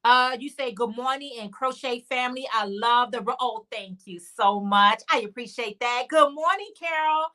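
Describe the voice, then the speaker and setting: A woman's voice: on the high side, moderate pace, hardly any pauses, sharp tone. A woman hosting a casual crochet livestream, chatting and answering viewer comments. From Chicago area. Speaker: livestream host.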